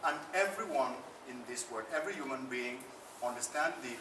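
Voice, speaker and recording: A man's voice: medium pitch, lively intonation, a little fast. A man, an actor on a debate panel, arguing in an impassioned way and repeating phrases for emphasis. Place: conference room at a film festival. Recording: roomy, distant mic, noisy ambience.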